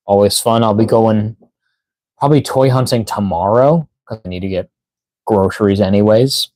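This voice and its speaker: A tired man with a lowish, darkish voice hosts a toy unboxing live stream at a moderate pace, rambling casually with plenty of fillers. He yawns, sounds out of breath, and reads chat aloud. The recording is dry.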